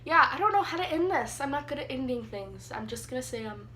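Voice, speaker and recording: A young woman telling a story in a casual vlog, chatty and animated with lots of fillers. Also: high-pitched, fast, slight background noise. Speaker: vlogger. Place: sitting on the floor indoors.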